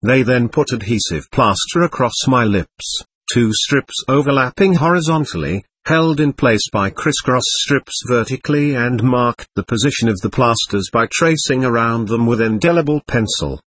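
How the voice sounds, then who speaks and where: A man narrates a first-person account in a steady, matter-of-fact way. His voice is husky, his pitch moves freely, and the recording is dry and close. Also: normal speed, no echo.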